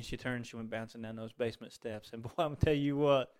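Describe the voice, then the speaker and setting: Fervent preacher with a smooth voice. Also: male voice, mid-range voice, steady tone, fast talker. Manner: swings between fervent exclamations and quiet, tender storytelling. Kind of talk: sermon.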